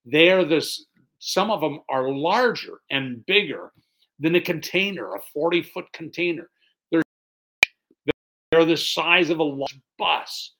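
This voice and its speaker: A man preaching in an easy, talkative way, moving between scripture readings and plain explanation. His voice sits a little higher than most men's. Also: measured pace. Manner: relaxed, chatty, explains as he goes. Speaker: pastor. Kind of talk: conversational sermon with scripture reading.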